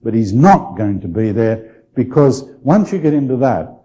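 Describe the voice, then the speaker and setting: Male bishop, very mellow, dark tone, loose conversational teaching style with restarts. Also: medium pitch, big pitch swings, poor audio. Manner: unhurried, restarts phrases, checks in with listeners. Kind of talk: conversational Bible study lecture.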